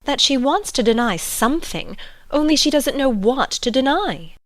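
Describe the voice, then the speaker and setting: A woman's voice: high-pitched, lively intonation, moderate pace, no room sound. A woman playing a feeble, fretful White Queen who speaks in a moaning, plaintive way in a full-cast audiobook. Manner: moaning, plaintive, hand-wringing.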